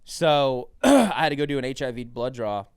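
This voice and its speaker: A young man from New Mexico, a comedian guest, telling lively profane stories in casual podcast chat and acting out other people's voices. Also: mid-range voice, normal speed, clear, resonant tone, dry recording, studio quality. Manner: animated, swearing, acts out other people's voices.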